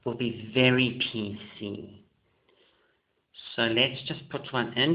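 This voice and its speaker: Man from south africa, artist, theatrical and flamboyant, loud then soft, echoey room, dull lo-fi recording. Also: medium pitch. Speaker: artist and muralist. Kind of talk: casual camera monologue.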